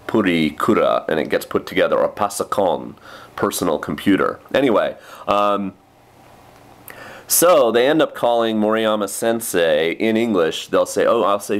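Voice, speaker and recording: A young man with a fairly low voice rambles through a casual vlog about his day teaching English. He talks loosely, full of fillers and little asides. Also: moderate pace. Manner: chatty, with many fillers and quoted kid voices.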